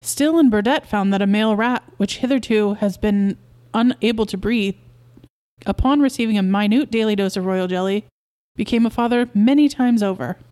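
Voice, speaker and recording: A woman's voice: medium pitch, moderate pace, a little mellow, close to an everyday voice. A smug beekeeper husband from a storybook, as a woman reader puts him on. He lectures and insists in a self-satisfied tone, only lightly set apart from the reader's own voice.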